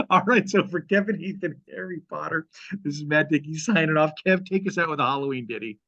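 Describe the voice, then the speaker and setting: A man with a raised, gravelly voice hosts a casual chat, rambling and poking fun at himself. His sound is dry and a little dull, like a cheap mic. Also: on the high side, fairly quick, fairly bright tone, no echo. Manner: rambling, self-deprecating, laughs often. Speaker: podcast host.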